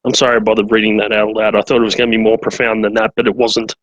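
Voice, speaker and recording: A man's voice: fairly low pitch, level tone, very fast, no echo, rough recording. An Australian man co-hosting a gaming podcast, chatting casually with a dry, teasing manner. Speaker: podcast co-host. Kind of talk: casual chat.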